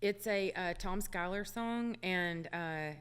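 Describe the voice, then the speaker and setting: A woman's voice: lowish voice, takes it slowly, fairly bright tone, smooth, long reverb tail. A woman singer chatting as a radio interview guest, with many fillers and laughs, in a studio. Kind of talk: casual radio interview chat.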